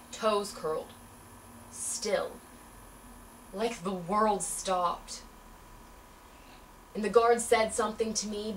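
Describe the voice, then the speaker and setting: A woman's voice: mid-range voice, a bit bright, a little hiss or hum, lightly acted. A young woman in an audition, playing a shaken young woman who tells a painful memory in plain, colloquial, earnest speech. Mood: hushed, grieving. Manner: plain, colloquial storytelling with earnest halting phrasing. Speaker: auditioning actor. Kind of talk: audition monologue, dramatic. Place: audition room. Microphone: far camera. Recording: echoey room from a distance.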